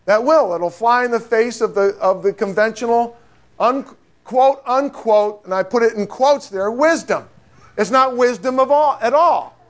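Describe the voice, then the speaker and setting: A man's voice: very high voice, measured pace. A man preaching a sermon in a conversational, joking way, asking his listeners rhetorical questions.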